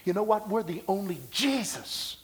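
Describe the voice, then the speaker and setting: A man's voice: sits high, lively intonation, moderate pace. Emphatic, wide-ranging male preacher. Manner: emphatic preaching that swings between loud declarations and hushed asides. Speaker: pastor. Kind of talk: sermon.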